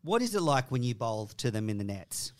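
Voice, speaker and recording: A man's voice: mid-range voice, sing-song, a little fast. A man hosting a podcast, chatty and teasing with his guest. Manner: chatty, teasing, laughs easily. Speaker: podcast host. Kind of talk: casual interview chat.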